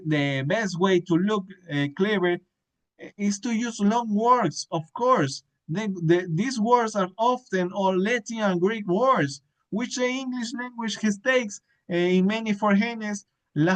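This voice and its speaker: A man reading a book aloud, halting often with hesitations and restarts as he works through the text. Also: high-pitched, poor audio. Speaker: reader.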